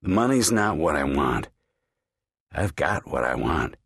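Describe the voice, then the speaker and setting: A man's voice: very deep voice, very animated, unhurried, vocal fry, a bit bright, husky, no room sound, clean studio sound, heavily acted. A man doing a cold, taunting killer. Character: cold, mocking arsonist killer.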